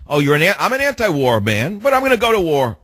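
A man's voice: on the high side, huge pitch swings, fast talker, fairly bright tone, husky, no echo, studio quality, pitched above the performer's own voice, heavily acted. A man doing a mocking impression of a smug male politician who contradicts himself, in a sing-song, exaggerated voice.

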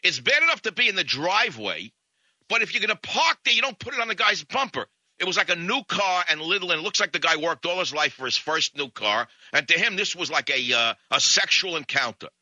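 A man's voice: sits high, very animated, a little fast, bright, forceful tone, dry recording, muffled recording. A man hosting a talk show, telling a comic, rambling anecdote into a studio microphone. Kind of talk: comic storytelling monologue.

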